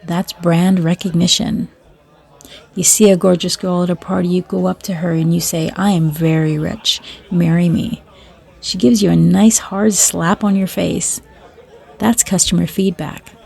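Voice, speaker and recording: A woman's voice: fairly low pitch, steady tone, normal speed, creaky, a little mellow, slightly rough. A woman storyteller reading short stories and jokes aloud in a dry, matter-of-fact way.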